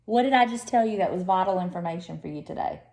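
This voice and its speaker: A woman with a warm Southern drawl chats to her camera at home. She keeps it loose and teasing, with a laugh never far away. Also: lowish voice, lively intonation, fast talker, vocal fry. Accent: Southern American. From Southern United States. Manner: chatty and teasing, laughs often. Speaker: lifestyle vlogger. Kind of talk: casual chat to camera.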